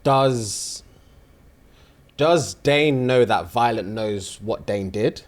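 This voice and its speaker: A man on a podcast listening to a book recap, mostly quiet short replies and the odd question. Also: mid-range voice, extremely slow. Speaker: podcast co-host. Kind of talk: casual chat, listening.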